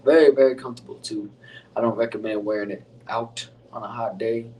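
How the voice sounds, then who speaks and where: A man's voice: fairly low pitch, steady tone, fairly quick, warm tone, distant mic, slight background noise, rough recording. A young man hosting his podcast, rambling casually in slangy talk with lots of fillers. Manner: laid-back, rambling, slangy with frequent fillers. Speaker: podcast host. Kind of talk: casual solo podcast intro.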